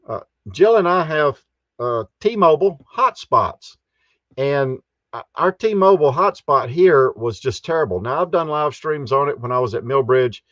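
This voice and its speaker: A man's voice: fairly high pitch, fairly bright tone, no echo, highs cut off. Chatty man hosting a casual livestream. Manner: chatty, chuckles often, reads out viewer comments. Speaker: live stream host. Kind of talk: casual live stream chat. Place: inside a camper.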